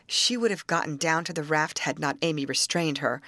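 A woman narrating an audiobook in an expressive storytelling manner. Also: sits low, moderate pace, hardly any pauses, no room sound. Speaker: audiobook reader.

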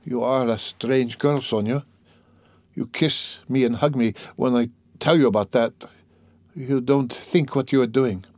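A brooding, tormented young man speaks low and wearily, half muttering as he reflects, as a male audiobook reader voices him. The voice stays mid-pitched and dry. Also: a little slow, darkish tone, no echo, natural voice. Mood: weary. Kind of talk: audiobook character voice.

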